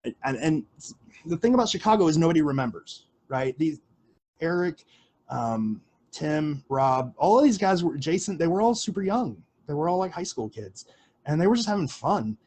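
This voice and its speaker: A man's voice: on the high side, big pitch swings, normal speed, darkish tone, husky. Rambling casual man hosting a livestream. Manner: rambling, filler-heavy, casual swearing. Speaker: livestream host answering questions.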